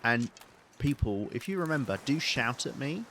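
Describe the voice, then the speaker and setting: A man streaming a survival game live, chatting loosely and thinking out loud as he plays. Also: mid-range voice, lively intonation, moderate pace, a little hiss or hum. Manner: chatty, rambling, thinks aloud while playing. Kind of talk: live-streamed let's play commentary.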